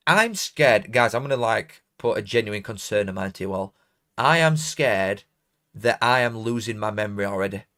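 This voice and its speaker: Chatty South Yorkshire lad on a stream. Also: male voice, lowish voice, a bit bright. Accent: Barnsley, South Yorkshire. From South Yorkshire, England. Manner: rambling, self-mocking, broad dialect grammar. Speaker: football streamer reading donations. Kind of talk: casual live watchalong chat.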